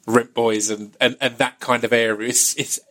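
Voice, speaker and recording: A man hosting an interview who asks long, halting questions and repeats words as he works toward the point. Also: mid-range voice, little pitch movement, fairly bright tone. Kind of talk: casual interview chat.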